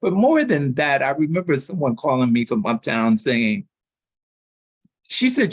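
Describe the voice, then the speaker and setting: A man telling stories as a guest in a sit-down interview, animated and slangy. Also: medium pitch, measured pace, breathy edge, no echo. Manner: animated storyteller with street slang. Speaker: public relations consultant, interview guest.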